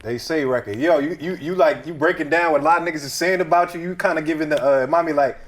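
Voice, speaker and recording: Male host, quick relaxed questioning, lots of fillers. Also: on the high side. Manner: loose, filler-heavy questioning. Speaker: interview host. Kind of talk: casual interview questions.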